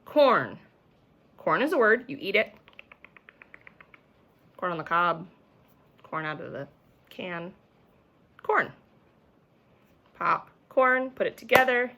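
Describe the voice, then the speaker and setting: A woman's voice: lowish voice, big pitch swings, slow, pauses often, sharp tone. A young woman teaching a remote phonics lesson to young children, patiently sounding out words, recorded on a camera mic at home.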